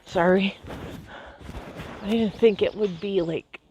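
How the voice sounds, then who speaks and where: A woman's voice: fairly low pitch, lively intonation, takes it slowly, creaky. A woman vlogging on a nature trail, breathless and chatty, full of fillers and amazement, speaking outdoors into a handheld camera. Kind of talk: casual walking vlog. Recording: noisy outdoor handheld recording.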